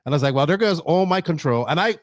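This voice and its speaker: A man hosting a casual live-stream talk show. He chats agreeably and pokes fun at himself. His voice sits a little high, and the sound is dry. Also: expressive, fast, no room sound. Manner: chatty, agreeable, self-deprecating. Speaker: host.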